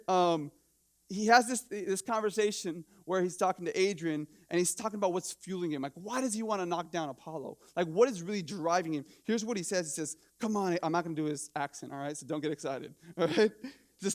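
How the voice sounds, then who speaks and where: Pastor guy preaching, high voice, lots of "you know what i'm saying", restarts a bunch. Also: fairly quick. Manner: animated, conversational preaching with repeated rhetorical questions and many restarts. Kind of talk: sermon. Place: church.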